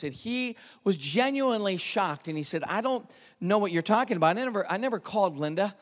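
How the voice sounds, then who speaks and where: A man giving an earnest personal testimony, dropping to a hush at the tense moments. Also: high-pitched, animated, brisk, in a large hall. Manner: earnest storytelling, drops to hushed tones at tense moments. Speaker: speaker telling his testimony.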